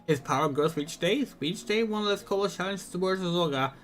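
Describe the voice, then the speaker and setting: A man's voice: high voice, brisk, fairly bright tone, slight background noise. A man voicing a small, timid male kobold who wails and piles up gloomy synonyms. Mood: wailing.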